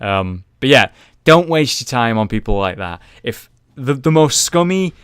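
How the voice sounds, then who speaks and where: A young man giving casual commentary over his own gameplay, ranting with frustration, swearing freely and jumping to excited shouts. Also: mid-range voice, a little slow, a little hiss or hum. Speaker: gaming YouTuber commentating his own match.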